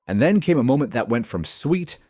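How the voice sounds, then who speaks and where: A man's voice: mid-range voice, very animated, a little fast, background noise. A man reading a scripted narration with a wry, teasing delivery.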